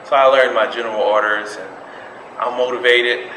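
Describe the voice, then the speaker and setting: A young man tells a personal story at mid pitch, animated and acting out the people he quotes. His voice carries in an echoey meeting room. Steady noise sits under it. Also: normal speed. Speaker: public speaking club member. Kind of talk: first personal speech, storytelling.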